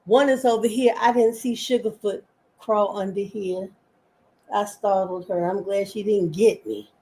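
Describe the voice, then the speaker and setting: Slow-talking older woman hosting a craft stream. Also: mid-range voice, fairly even intonation, dark tone. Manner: rambling, homey, talks to viewers and her pet. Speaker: live stream host. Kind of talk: chatty live crafting stream.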